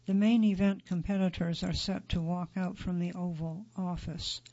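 A man narrating a magazine feature in a steady, neutral read-aloud delivery. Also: sits high, moderate pace, lo-fi sound. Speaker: article narrator.

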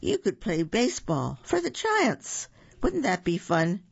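Reader doing a high, eager little wolf pup, lively swoops, slightly husky, storybook read-aloud. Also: a little slow, exaggerated voice. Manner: eager, bright and chirpy. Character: cheerful polite young male wolf pup. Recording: dull lo-fi recording.

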